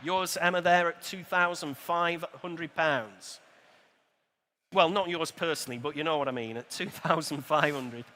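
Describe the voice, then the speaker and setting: A man calling a live auction, rattling off bids in a brisk, chatty patter with dry little asides. His voice sits high and bright, cutting through. Long reverb trails off the walls of a large exhibition hall.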